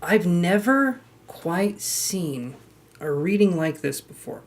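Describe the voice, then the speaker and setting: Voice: mid-range voice, expressive, slow pace. A tarot reader giving a casual live-streamed reading, chatty and talking straight to the viewer with frank asides.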